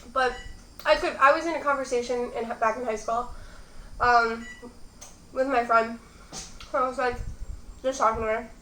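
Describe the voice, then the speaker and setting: A woman's voice: fairly high pitch, pushed and bright, slight background noise. Chatty young woman in an echoey room. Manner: rambling, chatty, talks between bites. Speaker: mukbang host. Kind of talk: casual chat while eating.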